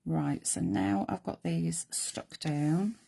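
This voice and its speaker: Chatty croaky woman crafting live. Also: sits low, big pitch swings, slow, mellow. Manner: chatty, self-deprecating, thinks aloud. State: croaky, losing her voice. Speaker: craft show host.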